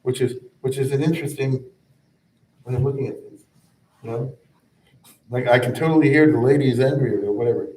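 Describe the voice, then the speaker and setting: A man's voice: mid-range voice, steady tone, fairly quick, long pauses, dark tone. A man teaching a rabbinic class in a conversational style, chanting verses and then explaining them with frequent asides. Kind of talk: informal explanatory lecture. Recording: echoey room, mic at a distance.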